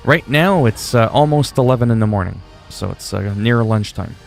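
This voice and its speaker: A man's voice: mid-range voice, normal speed, vocal fry, faint music behind. A man from Canada whose first language is French, chatting with viewers in a rambling, easygoing way while he plays games on a livestream. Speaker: game streamer. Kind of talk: casual livestream chat while gaming.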